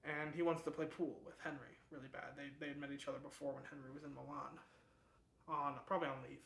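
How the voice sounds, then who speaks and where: Chatty book club host, slightly high and bright, rambling, echoey room. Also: male voice, level tone, quick pace, creaky, a little hiss or hum. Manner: chatty, rambling, laughs at the plot. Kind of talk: casual book summary.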